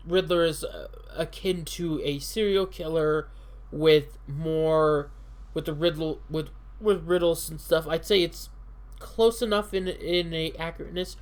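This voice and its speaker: A speaker casually reviewing a film, rambling through fillers and restarts and swearing freely. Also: mid-range voice. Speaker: movie reviewer.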